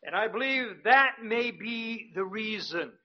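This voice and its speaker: A man who is a missionary, preaching a sermon slowly and emphatically, rising in pitch and volume when he repeats words. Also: animated. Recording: dull, lo-fi sound.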